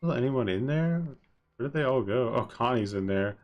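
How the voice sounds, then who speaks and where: A man's voice: medium pitch, expressive, normal speed. A young man streaming a game, chatting casually with viewers in a laid-back way, full of fillers. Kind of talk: casual livestream commentary.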